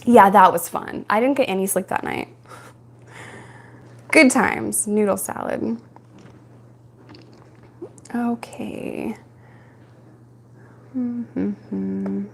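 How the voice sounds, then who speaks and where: Woman, from New York, young adult, frank, chatty, live-stream Q&A host, middle pitch. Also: fairly even intonation, very slow, gravelly, pauses often, slight background noise. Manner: frank, chatty storytelling with frequent laughs. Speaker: live-stream host answering viewer questions.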